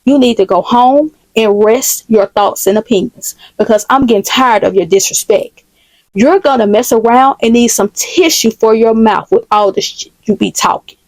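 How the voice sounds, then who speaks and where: A woman's voice: a little high, normal speed, darkish tone, no room sound, low-quality recording. A woman voicing a loving but firm woman store owner. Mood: fed up.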